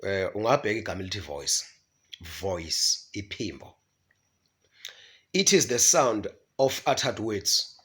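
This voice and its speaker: A man's voice: fairly low pitch, animated, unhurried, long pauses, fairly bright tone. A man teaching from the Bible, often stumbling and repeating syllables as he mixes in English words. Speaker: preacher.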